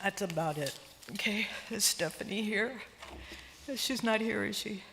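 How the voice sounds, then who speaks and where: A woman's voice: mid-range voice, a little slow, vocal fry, heavy background noise. Older woman giving a tearful eulogy. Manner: tearful, laughing through emotion. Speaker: sister of the deceased giving a eulogy. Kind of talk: emotional memorial eulogy. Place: church sanctuary. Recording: long church-hall reverb.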